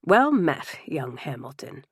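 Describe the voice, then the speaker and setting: Woman doing an old withered statesman guy, formal and polite, low-ish voice. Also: sing-song, takes it slowly, husky, dry recording, studio quality, heavily acted. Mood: courteous. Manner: courteous, formal. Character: aged, withered male statesman, courteous.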